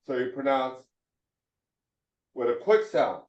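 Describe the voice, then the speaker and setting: A man teaching a slow Hebrew phonics lesson, sounding out syllables one at a time with many fillers. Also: medium pitch, lively intonation. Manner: drawn-out, halting delivery with frequent fillers. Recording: echoey, dull room sound from a distance.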